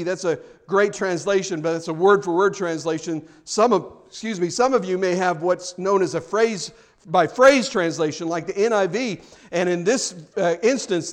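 A man with a high, light voice preaches a sermon to his congregation. He talks in a relaxed, chatty way and jokes with the people in front of him. He builds to fervent, pressing emphasis as the sermon goes on. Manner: conversational, rising to fervent emphasis. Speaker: pastor.

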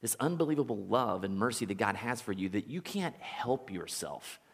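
Low-voiced preacher in a reverberant sanctuary. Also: male voice, very animated, normal speed, gravelly, breathy edge. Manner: conversational storytelling preacher, chuckles as he speaks. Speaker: pastor. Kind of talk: sermon. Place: church sanctuary.

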